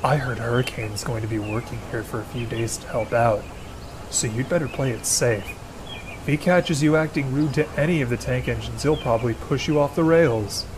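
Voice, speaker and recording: A man's voice: fairly high pitch, animated, moderate pace, noisy background, lightly acted. A man voicing a sly, mischievous male steam engine who speaks in a teasing, conspiratorial manner. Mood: hushed.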